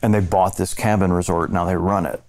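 A man's voice: low voice, fairly even intonation, fairly quick, darkish tone. A man from central Illinois co-hosting a casual chat, telling stories in an earnest way. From central Illinois, USA. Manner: earnest storytelling. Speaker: podcast co-host.

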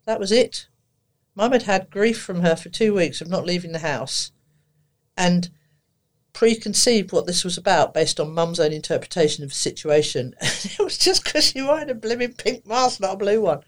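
Animated woman telling stories. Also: mid-range voice, normal speed. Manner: lively, laughing as she tells stories, acting out dialogue. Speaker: therapist guest. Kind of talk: anecdotal storytelling on a podcast.

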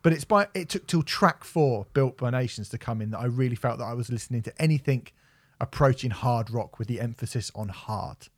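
A man's voice: mid-range voice, fairly quick, no echo. A young man co-hosting a music podcast, ranting and swearing as he mocks a record. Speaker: podcast co-host reviewing music. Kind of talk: casual chat.

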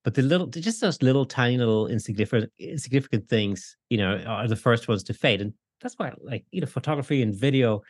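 A man's voice: mid-range voice, expressive, quick pace, hardly any pauses, breathy edge, no echo, studio quality. A man in his forties in a casual podcast conversation, talking in a reflective, rambling way with many fillers.

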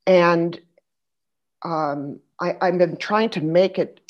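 Low-voiced woman telling a lively story. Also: takes it slowly, lo-fi sound. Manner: animated storyteller, laughs, restarts. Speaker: guest. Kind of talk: casual conversation.

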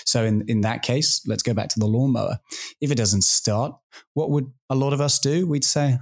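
A man's voice: medium pitch, normal speed. A man hosting a podcast, talking things through in a reflective, casual way. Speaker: podcast host. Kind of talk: casual discussion.

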